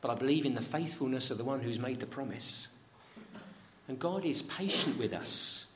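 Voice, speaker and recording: Male preacher, dramatic sermon, mid-pitched, faint room hum. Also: expressive, moderate pace. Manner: dramatic, voice rising high on pleading questions and dropping low and soft on promises. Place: church.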